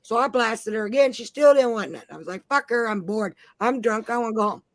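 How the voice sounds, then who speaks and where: A woman's voice: a little high, quick pace, dry recording. Brash, profane woman in her forties. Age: 40s. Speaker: panel host. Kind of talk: casual chat, storytelling.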